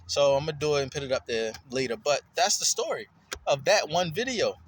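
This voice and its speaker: A man's voice: fairly quick, a little hiss or hum. A man rambling loosely through a casual, profane monologue, his voice jumping up when he gets worked up. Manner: loose and profane, jumps in pitch when excited. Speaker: vlogger.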